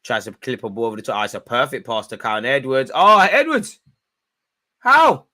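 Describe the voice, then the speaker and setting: A young man hosting a football watch-along, commenting live and shouting at the referee. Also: quick pace. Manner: animated, shouts at the referee, spikes in pitch and volume.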